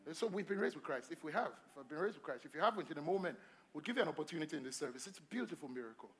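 A male pastor preaching a sermon at a church service, emphatic and repetitive, swinging between loud calls to the congregation and quiet asides. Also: on the high side, lively intonation, racing, slight background noise. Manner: repeats phrases and asks the congregation questions.

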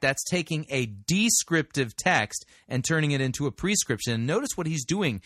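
A man's voice: mid-range voice, fairly bright tone, no room sound, studio quality. A man hosting a commentary show, bluntly and skeptically rebutting a sermon. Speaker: podcast host and critic. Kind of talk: critical commentary on a sermon clip.

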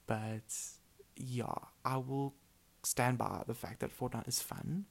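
Young guy podcasting solo, rambly and mumbly, lots of likes and ums, mid pitched. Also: slow pace, gravelly, slightly rough. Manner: rambling, chatty, lots of filler words; mumbles words together. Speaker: podcast host. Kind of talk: casual solo podcast chat.

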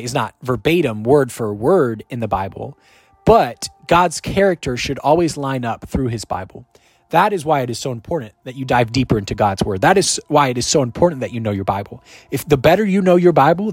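A man preaching a sermon, emphatic and repeating his key lines, with sudden swings in loudness. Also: medium pitch, husky, dry recording.

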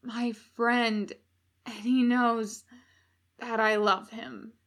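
A woman voicing a wounded male demon who gasps out slow, strained words while being choked, in an audiobook reading. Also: a little high, little pitch movement, fairly bright tone, exaggerated voice. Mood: gasping. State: choking, out of breath.

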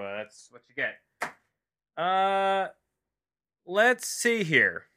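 A man's voice: fairly low pitch, bright, forceful tone, clean tone, no room sound. A man reviewing a movie from his home office, rambling and self-deprecating, with many fillers and restarts.

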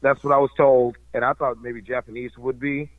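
A man in casual chat, talking haltingly with many fillers and restarts. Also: medium pitch, level tone, dry recording. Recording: dull, dry lo-fi recording.

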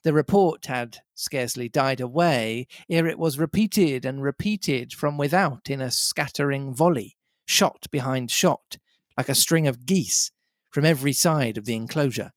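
A man's voice: mid-range voice, no room sound, studio quality. Man reading an adventure novel aloud. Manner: measured storybook narration. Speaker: reader and podcast host.

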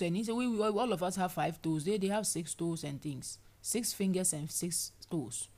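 A woman preaching a sermon, animated, acting out people's complaints in playful voices. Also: medium pitch.

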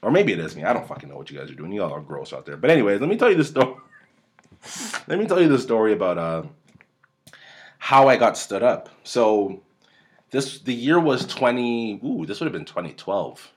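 A man's voice: lowish voice, big pitch swings, a little fast. A man, casually telling a rambling, profane story on his podcast at a home desk mic. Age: 30s. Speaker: podcast host. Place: home room. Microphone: desk mic at close range.

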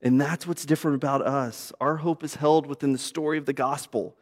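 Animated preacher man in a reverberant hall. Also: fairly quick. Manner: animated preaching, swinging from loud emphasis to hushed low lines. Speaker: pastor. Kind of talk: sermon.

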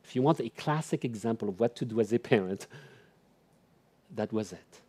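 A middle-aged man preaching a sermon in church, swinging between loud emphatic declarations and soft, near-whispered lines. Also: lowish voice, expressive, moderate pace, slightly rough. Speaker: pastor.

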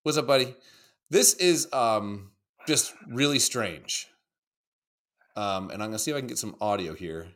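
A man co-hosting a casual livestream, reacting to videos in an animated, joking and profane way. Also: lowish voice, moderate pace, pauses often. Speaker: co-host.

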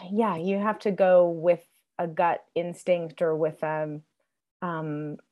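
A woman in her forties, a guest on a podcast, talking reflectively and softly with frequent pauses. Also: lowish voice, flat delivery, narrow, tinny audio. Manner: reflective, soft-spoken, many fillers. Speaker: guest, TV writer and producer. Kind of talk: casual conversation.

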